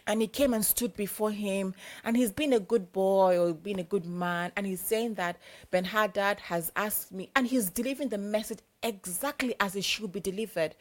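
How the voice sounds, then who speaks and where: A woman's voice: mid-range voice, normal speed. A young adult woman preacher giving a sermon in a conversational, emphatic, repetitive way.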